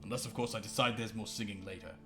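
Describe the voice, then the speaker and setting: A man's voice: fairly low pitch, fast talker, fairly bright tone, faint music behind. A man voicing a pompous, lovesick older naval commodore who laments theatrically and breaks into song. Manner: theatrical, mournful, bursts into song.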